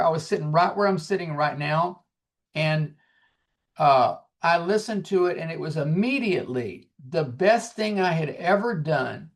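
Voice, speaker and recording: A man in his sixties, a singer-songwriter guest, telling his story in an earnest, animated way and acting out the dialogue. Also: fairly high pitch. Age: 60s. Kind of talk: casual storytelling.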